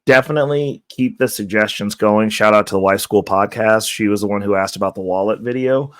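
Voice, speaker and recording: A man with a low, dry, slightly bright voice hosts his own crypto channel close to the mic, recorded dry. He sounds stuffy and nearly spent, yet rambles on at normal speed with hardly any pauses, full of fillers and self-corrections. His casual talk to camera keeps an upbeat push toward viewers.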